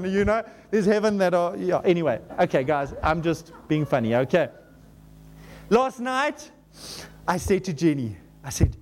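A middle-aged male pastor preaching in a church, joking with the congregation and reading scripture slowly and emphatically. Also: sits high. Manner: animated, joking, with shouted exclamations. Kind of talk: sermon. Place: church auditorium.

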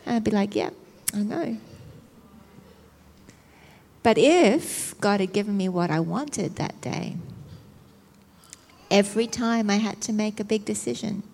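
A woman preacher telling a personal testimony as a sermon, animated and self-mocking, often laughing as she tells it. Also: mid-range voice, moderate pace, creaky. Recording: reverberant hall.

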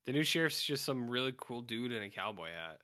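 A man's voice: mid-range voice, animated, a little fast, sharp tone, clean tone. A man co-hosting a podcast, laid-back, chiming in with short comments and side stories during a movie chat. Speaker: podcast co-host.

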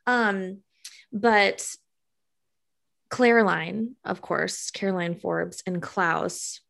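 A woman co-hosting a podcast in relaxed conversation about a TV show. She talks in an easygoing way and fills her pauses with ums and likes. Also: medium pitch, gravelly. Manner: chatty, uses many fillers. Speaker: podcast co-host. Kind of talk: casual chat about a TV show.

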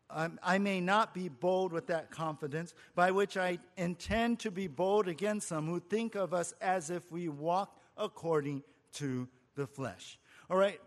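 High-voiced man preaching in a reverberant hall. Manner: earnest, conversational preaching with rhetorical questions. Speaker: pastor. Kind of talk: expository sermon.

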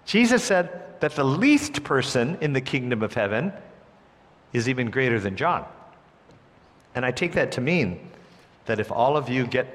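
A man preaching a sermon, with an expressive delivery that swings between hushed, gentle lines and emphatic ones. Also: medium pitch. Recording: long hall reverb.

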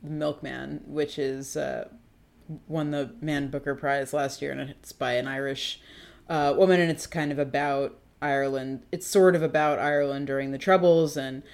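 Low-voiced woman, casual co-host, rambling chatty delivery. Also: steady tone, moderate pace, vocal fry, darkish tone. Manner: chatty, filler-heavy, laughs often. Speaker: podcast co-host. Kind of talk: casual chat.

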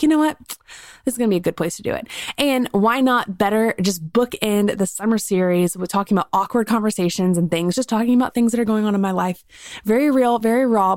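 A woman's voice: medium pitch, dry recording. A woman with a Southern US accent hosting her podcast alone, chatting in a bubbly, filler-heavy way into a studio microphone. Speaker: podcast host. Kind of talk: solo casual podcast chat.

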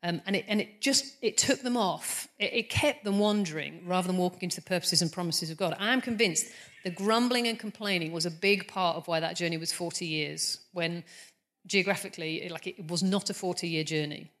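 A woman's voice: on the low side, fairly quick, fairly bright tone. Earnest, conversational woman preacher. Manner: conversational, earnest, self-deprecating, frequent restarts. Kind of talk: sermon.

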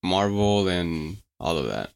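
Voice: deep voice, very animated, slow pace, creaky, clear, resonant tone. A podcast co-host chatting casually, teasing the other host and laughing easily. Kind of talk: casual chat.

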